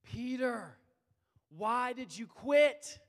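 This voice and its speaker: A preacher voicing Jesus in a raised, urgent, pleading tone. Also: male voice, very high voice, expressive, extremely slow, voice pushed up, full character voice. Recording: long hall reverb.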